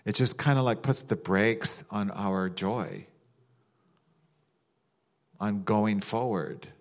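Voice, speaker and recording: A man with a fairly low voice preaches in a loose, chatty way. He rambles a little and now and then drops into playful mock voices with laughter. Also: takes it slowly. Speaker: pastor. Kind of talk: sermon with prayer.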